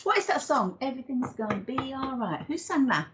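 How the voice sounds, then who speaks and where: A woman's voice: sits high, big pitch swings, brisk, fairly bright tone, muffled recording, slight background noise. A woman who is a psychic medium and regression therapist, giving card readings in a chatty, rambling, affectionate way and calling people darling. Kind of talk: live-stream card readings and chat.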